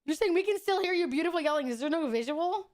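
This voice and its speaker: A woman streaming a horror game and joking with friends on a call, swearing freely and laughing loudly. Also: extremely high pitch, expressive, quick pace. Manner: profane, joking, loud laughs. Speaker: VTuber streamer. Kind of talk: casual gaming stream chat.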